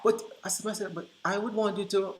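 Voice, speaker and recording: Animated man telling classroom stories, roomy echo. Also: high voice, brisk, a little hiss or hum. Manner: animated, acts out quoted dialogue. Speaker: workshop presenter for early childhood teachers. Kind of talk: storytelling presentation. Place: conference room.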